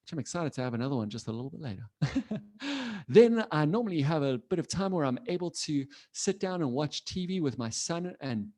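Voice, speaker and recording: A man teaching an online coding class for children from his computer, playful and animated, constantly asking the kids questions. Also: fairly high pitch, a little fast. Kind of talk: live online children's lesson.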